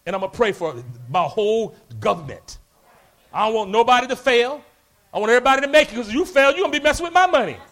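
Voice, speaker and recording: A man preaching a sermon, animated, acting out quoted voices and breaking into shouts. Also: extremely high pitch, fast.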